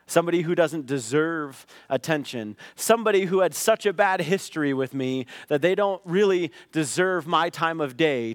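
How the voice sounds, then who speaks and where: A middle-aged man preaching a sermon, telling a personal story in a conversational way that rises into loud acted outbursts. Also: fairly high pitch, no room sound, clean studio sound. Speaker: pastor.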